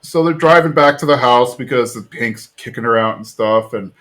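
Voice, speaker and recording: A man hosting a podcast, recapping an episode in an animated, chatty way full of "like". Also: mid-range voice, normal speed. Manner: animated storyteller, fillers like "like". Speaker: podcast host.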